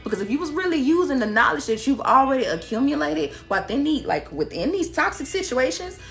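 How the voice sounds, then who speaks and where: Over soft background music, a tarot reader speaks fairly quickly in a high, sing-song voice. She's sassy and blunt, laughs a lot, and imitates the people she quotes while doing a casual spiritual reading for viewers.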